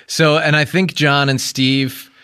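A man's voice: a little high, flat delivery, unhurried, sharp tone, clear, resonant tone, no room sound, studio quality. A man from the United States in a rambling, joking casual chat, now and then acting out silly impressions.

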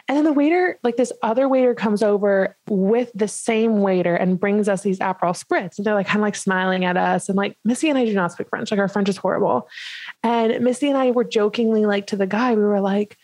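A woman in her twenties tells a story with lots of "like" fillers. She is animated and laughs as she talks. The close mic is very dry. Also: mid-range voice, brisk, no room sound, low-quality recording. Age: 20s. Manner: animated, many "like" fillers, laughs while telling. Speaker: podcast co-host. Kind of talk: casual storytelling chat.

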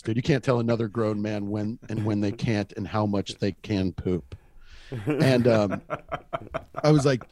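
A man's voice: fairly high pitch, normal speed, no echo. A young man telling a funny story in casual chat, laughing as he goes. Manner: animated, laughing through his stories. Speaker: comedian guest.

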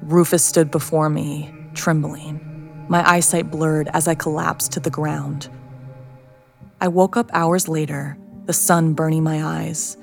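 A woman narrating a scripted horror story in a hushed, slow, suspenseful way. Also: sits low, level tone, creaky. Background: music.

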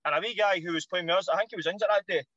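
A man with a Scottish accent, a former footballer telling stories as a podcast guest in an animated, slangy way, swearing freely. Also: sits high, very fast, no echo, lo-fi sound. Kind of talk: casual anecdote telling.

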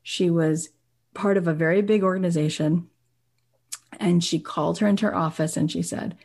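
A woman's voice: lowish voice, steady tone, moderate pace, creaky, a little mellow. A woman podcast host and business coach giving an emotional, effusive motivational talk, peppered with "right?" and "you guys".

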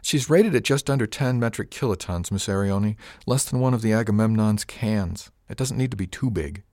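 A man voicing an older ship captain in an audiobook. He has a deep, dry voice and a measured, wry way of talking. The recording is close and without room sound. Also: darkish tone, no echo, natural voice.

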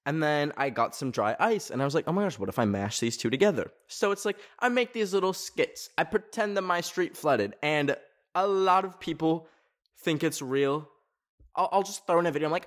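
Animated male podcast host. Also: fairly quick. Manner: animated and expressive, with sudden jumps up in pitch. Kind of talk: casual podcast chat and reading listener stories. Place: hot garage.

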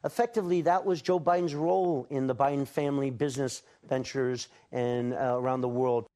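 A man at a middling pitch answers questions as a television interview guest. He speaks earnestly and deliberately, laying out his points one by one. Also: steady tone, warm tone.

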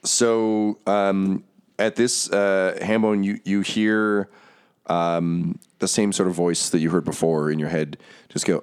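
A man's voice: low-pitched, steady tone, takes it slowly, clear, resonant tone. A man narrating a tabletop game as game master, casual and laid-back with lots of fillers.

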